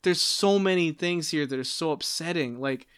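A man co-hosting a book podcast, talking earnestly and a little apologetically. His voice is bright and sits fairly high for a man. The sound is close and dry, with no room in it. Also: smooth, no room sound. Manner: earnest, apologetic, halting restarts. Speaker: podcast co-host. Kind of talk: casual book podcast chat.

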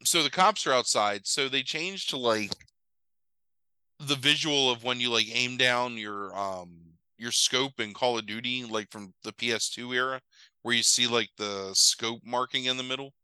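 A man's voice: medium pitch, normal speed, smooth, dry recording, rough recording. A man in casual chat, rambling and swearing as he retells a film plot. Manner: rambling, profane, animated retelling with quoted voices. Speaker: podcast co-host recapping a movie.

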